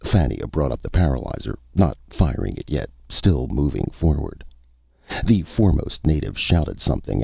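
A man narrating a science fiction story in a husky, gravelly voice, muffled lo-fi recording. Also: very deep voice, mellow, no room sound. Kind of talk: audiobook story reading.

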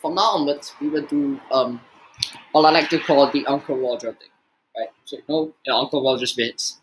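A man giving profane, exasperated reaction commentary, swearing often and jumping in pitch. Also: moderate pace, low-quality recording. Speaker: reaction video host.

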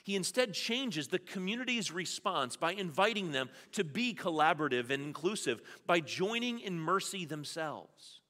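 A man's voice: high voice, big pitch swings, moderate pace, few pauses, bright, forceful tone. A male pastor preaching a sermon in a church sanctuary, conversational with playful asides. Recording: long church reverb.

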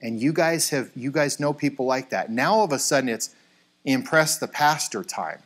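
A man's voice: medium pitch, normal speed. A middle-aged man, a pastor, telling stories in a casual sermon to his church and acting out the voices of the people in them. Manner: storytelling, acts out voices in quotes, animated. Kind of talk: conversational sermon with anecdotes. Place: church sanctuary.

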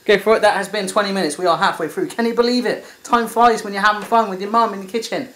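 A man's voice: high-pitched, fast, a bit bright. A young man hosting a cooking video in a home kitchen, chatty and teasing as he talks through the steps. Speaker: cooking show host. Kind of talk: casual cooking chat.

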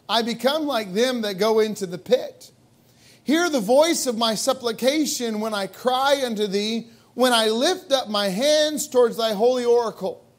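A male pastor preaching a sermon in a church, emphatic and full of rhetorical questions. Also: extremely high pitch. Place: church sanctuary.

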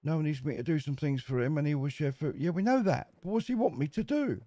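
In clean studio sound with no echo, a man with a slightly high, mellow voice talks fast. The gameplay commentator offers casual let's-play commentary on a survival game, being chatty, cheeky, and jokey with its characters.

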